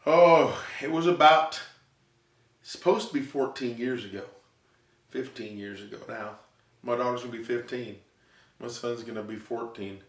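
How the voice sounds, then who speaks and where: A man's voice: medium pitch, normal speed, long pauses. A man doing stand-up comedy from his living room, telling stories with sound effects and asides to the audience. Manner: animated storytelling, sound effects, talks to audience. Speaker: stand-up comic. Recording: roomy echo, mic at a distance.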